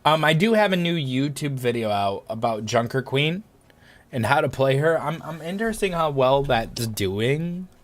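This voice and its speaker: A young male streamer talks in a loose, joking way during his live broadcast. His voice sits at an ordinary middle pitch, and he rambles playfully from one bit to the next. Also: lively intonation, measured pace. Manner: joking, goofy, breaks into silly high voices. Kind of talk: casual live-stream chat.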